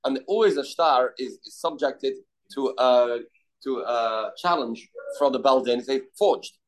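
A man's voice: medium pitch, measured pace, poor audio. Man teaching a daily Talmud class. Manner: loose, repetitive explaining with restarts and Hebrew-Aramaic terms.

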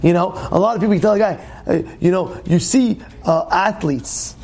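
A man teaching a lively Torah class as a rabbi, animated, often acting out other people's voices and restarting his phrases. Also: sits high. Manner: animated, acts out quoted voices, many quick restarts.

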